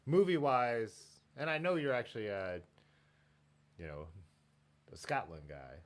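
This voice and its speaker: A man hosting a live stream in casual chat, excitable and jumping between topics, laughing often. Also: medium pitch, measured pace. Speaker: livestream host.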